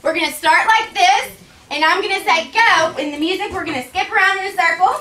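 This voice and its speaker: A woman's voice: very high voice, quick pace. A woman teacher with a Southern American accent, drilling a class of children with upbeat, encouraging questions. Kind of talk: classroom quiz lesson for children. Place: busy school room full of children. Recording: roomy and distant, loud children and noise.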